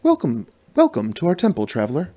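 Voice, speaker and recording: A man voicing a welcoming female temple priestess who speaks warmly and warns earnestly. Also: fairly high pitch, huge pitch swings, fairly quick. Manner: warm, earnest warnings.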